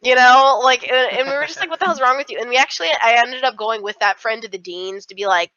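A woman's voice: on the high side, brisk, no echo, lo-fi sound. A young woman co-hosting a casual chat, telling a story with lots of "like" fillers and swearing. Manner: fillers, swearing, animated retelling. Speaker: podcast co-host.

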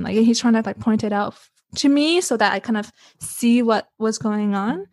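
A woman's voice: on the high side, moderate pace, a little mellow, no echo, studio quality. A woman guest on a podcast, telling a story in casual chat with many restarts and repeated words.

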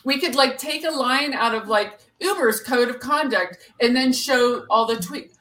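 Woman, podcast co-host, sharp bright voice, excitable, casual chat. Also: on the high side, normal speed. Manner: excitable, gushing exclamations.

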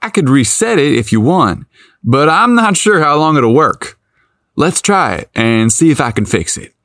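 A man's voice: fairly high pitch, sing-song, normal speed, a bit bright, dry recording, clean studio sound, pitched above the performer's own voice. A man doing a friendly country repairman. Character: young male cable repairman, friendly country boy.

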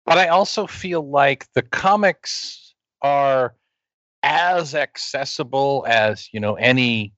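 A man's voice: medium pitch, fairly bright tone, no room sound. Chatty man on a dull lo-fi line. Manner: chatty, jumps in with quick asides. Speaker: podcast co-host. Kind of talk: casual chat. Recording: dull lo-fi sound.

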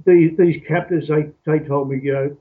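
A man from Australia telling his story as an interview guest, halting and repeating words as he thinks. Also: on the high side, fairly even intonation, husky. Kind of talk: reflective storytelling. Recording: tinny phone-like call audio.

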